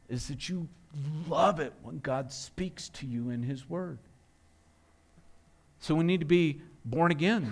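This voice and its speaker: Earnest male pastor preaching, raised pitch. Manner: earnest preaching with rhetorical questions and frequent restarts. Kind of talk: sermon.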